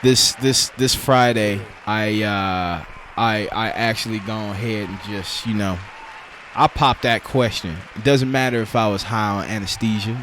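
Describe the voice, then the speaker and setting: A man co-hosting a casual podcast chat, telling stories in an animated way and jumping up in pitch when excited. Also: measured pace, a faint crowd, slight background noise. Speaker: podcast co-host.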